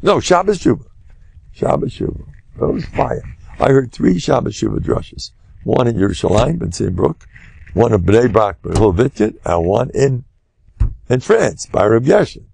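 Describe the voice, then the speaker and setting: An older man, a rabbi, giving a humorous Torah lecture full of animated storytelling. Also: medium pitch, moderate pace, vocal fry, husky, no room sound. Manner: animated, humorous storyteller who loudly acts out quotes.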